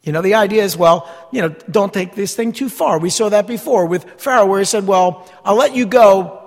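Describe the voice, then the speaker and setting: A man's voice: high voice, fairly quick, in a large hall. A man preaching a sermon as a pastor, talking conversationally and asking the congregation rhetorical questions.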